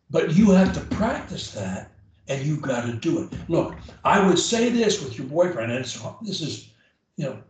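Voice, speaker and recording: A man coaching a client on her speech, blunt and emphatic, repeating key phrases to drive them home. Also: on the high side. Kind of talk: one-on-one coaching session. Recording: echoey room, far from the mic.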